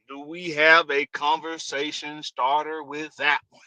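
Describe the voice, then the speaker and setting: A man's voice: a little high, level tone, unhurried, sharp tone, dry recording, highs cut off. A man hosting a casual sports livestream, hyped and drawling, repeating his phrases. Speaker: host. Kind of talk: casual livestream show opening.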